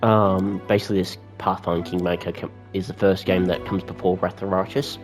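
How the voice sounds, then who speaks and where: An Australian man talks his way through a fantasy video game in loose, rambling commentary, swearing now and then. His voice sits on the low side. Faint game music plays behind him. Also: darkish tone. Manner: rambling, chatty, swears casually. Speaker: gamer. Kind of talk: casual let's-play commentary.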